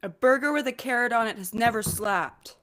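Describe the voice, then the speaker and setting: A woman co-hosting a casual podcast, giving quick dry reactions and laughing often. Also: a little high, a bit bright. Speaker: podcast co-host. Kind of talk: casual chat.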